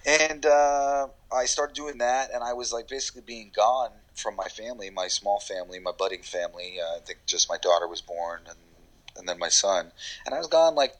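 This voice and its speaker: A New York voiceover actor rambles loosely in a podcast interview, full of fillers and restarts and casual swearing. His voice is fairly low and a bit bright, though the audio quality is poor.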